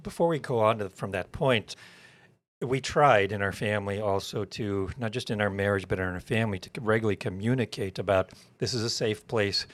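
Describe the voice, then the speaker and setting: A man's voice: fairly low pitch, fairly quick. A middle-aged man, a pastor hosting a podcast, talking plainly with dry humor. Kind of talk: casual chat.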